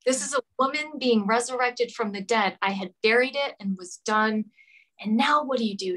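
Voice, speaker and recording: Bright-voiced woman telling a heartfelt story. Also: on the high side, normal speed, low-quality recording. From Rhode Island. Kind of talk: emotional personal story in interview.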